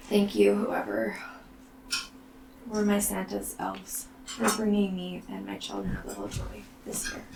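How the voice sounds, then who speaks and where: Slow gravelly woman telling her story. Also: mid-range voice. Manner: slow, soft and halting, often near a whisper. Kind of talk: personal storytelling. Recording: roomy, distant mic, faint background noise.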